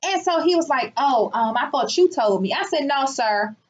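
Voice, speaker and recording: A woman telling a story in a casual vlog from her clinic, indignant and animated, acting out the people she quotes. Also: high voice, normal speed. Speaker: business owner and healer. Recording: muffled lo-fi sound.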